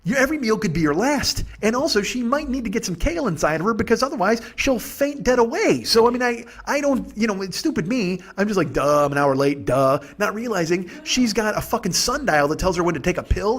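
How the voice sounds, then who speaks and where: Man, higher-pitched voice, podcast host, animated, swearing, stammering restarts. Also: quick pace, hardly any pauses, breathy edge. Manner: profane, animated storyteller. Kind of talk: rambling comic monologue.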